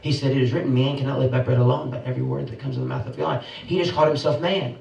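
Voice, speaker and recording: A man's voice: mid-range voice, animated, racing, vocal fry, a little mellow, reverberant, far from the mic, dull audio. A man preaching a sermon in an emphatic cadence, asking his listeners one rhetorical question after another.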